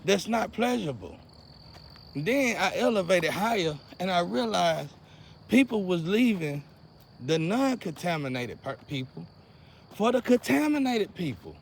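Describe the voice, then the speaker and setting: A young man, ranting to camera in a preachy, repetitive way that swings between loud outbursts and low muttering. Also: gravelly, slight background noise. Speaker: vlogger. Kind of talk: casual rant to camera.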